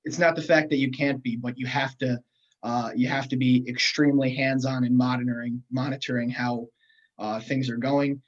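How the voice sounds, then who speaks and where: A man's voice: mid-range voice, flat delivery, normal speed, muffled recording. A man co-hosting a casual economics podcast, speaking earnestly and hesitantly, with many restarts. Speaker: podcast co-host.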